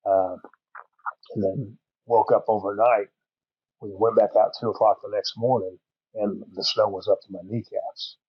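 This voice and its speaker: A middle-aged man with a low voice tells a story in a rambling, folksy way, full of fillers. The recording is dry and a little dull, with no room sound. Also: flat delivery, normal speed, breathy edge, no echo. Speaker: podcast guest. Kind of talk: casual storytelling.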